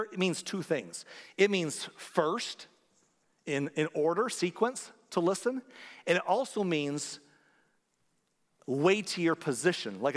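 A man's voice: fairly high pitch, a bit bright. Earnest preaching man in a reverberant hall. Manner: earnest, conversational preaching with emphatic rises. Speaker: pastor. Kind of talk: sermon.

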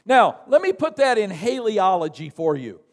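Man, Southern accent, very high-pitched, emphatic preaching, congregation call-and-response, long church reverb. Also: big pitch swings, moderate pace. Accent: Southern American. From American South. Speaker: missionary preacher. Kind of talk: sermon. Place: church sanctuary.

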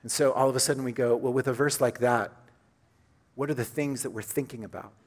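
A man preaching a sermon to his congregation in an earnest, conversational way, dropping to a softer voice when he quotes scripture. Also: medium pitch, fairly even intonation, brisk. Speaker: pastor. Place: church.

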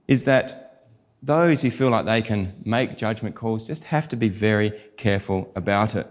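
A middle-aged pastor, preaching a sermon and telling stories with animated quoted voices. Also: male voice, fairly low pitch, a little slow.

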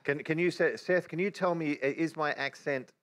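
Quick-talking Australian man pastor. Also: fairly high pitch, a bit bright. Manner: quick-talking, restarts often. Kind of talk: casual church teaching chat.

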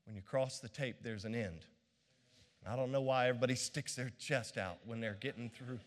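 A man's voice: mid-range voice, normal speed. A middle-aged man preaching a sermon as pastor, fervent and playful by turns. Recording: long hall reverb.

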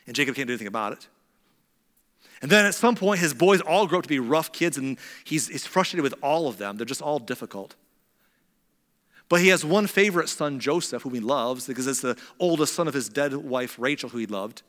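A man delivers a sermon in a chatty, conversational way, sinking into quiet intensity when the point turns serious. His voice sits a little high for a man. A long reverb trails his words, as in a large sanctuary. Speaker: pastor.

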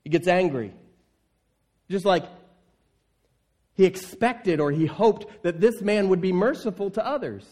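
A man's voice: high-pitched, measured pace, long pauses, darkish tone. A man preaching a sermon in an earnest, emphatic way, repeating key phrases. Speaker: pastor. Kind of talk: sermon with scripture reading.

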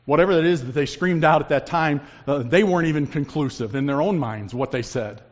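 A man preaching a sermon as pastor, swinging between loud emphasis and hushed, low lines. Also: brisk. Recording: long reverb, dull lo-fi sound.

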